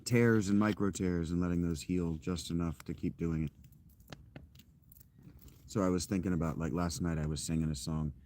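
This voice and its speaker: A man in his thirties chatting casually with his stream while walking outdoors, rambling with fillers and self-corrections in a loud, projecting voice. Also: sits low, steady tone, normal speed, long pauses, a little hiss or hum. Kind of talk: casual live-stream chat. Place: outdoors, walking through a parking lot.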